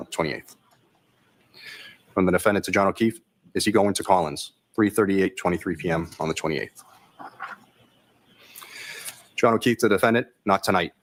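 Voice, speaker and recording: A deep-voiced man, a state trooper testifying in court, reads text messages into the record. He speaks in a flat monotone throughout.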